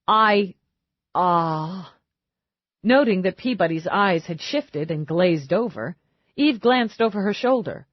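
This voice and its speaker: Woman reading an audiobook, expressive, dry close sound. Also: medium pitch, moderate pace, no echo, highs cut off. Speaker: audiobook narrator. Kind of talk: scripted narration.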